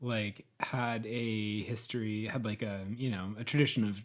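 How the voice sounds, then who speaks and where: A man's voice: fairly low pitch, steady tone, normal speed. A man co-hosting a podcast, asking curious questions in casual chat. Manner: curious, brief interjections. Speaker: podcast co-host.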